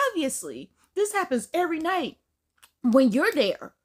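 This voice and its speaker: A woman's voice: sits high, big pitch swings, measured pace. A woman hosting a reaction video, chatting casually and sounding incredulous as she talks to viewers. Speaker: host reacting to clips.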